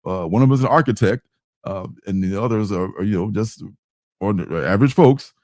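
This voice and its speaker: A man's voice: on the low side, fairly quick, a little mellow, no room sound. A man hosting a casual comic book livestream, talking in a loose, hesitant, meandering way.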